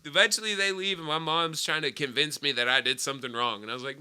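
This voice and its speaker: A man's voice: a little high, fairly even intonation, quick pace, hardly any pauses, bright, forceful tone, clean tone. A young man co-hosting a casual podcast, telling a rowdy, profane story and acting out the voices in it. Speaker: podcast co-host.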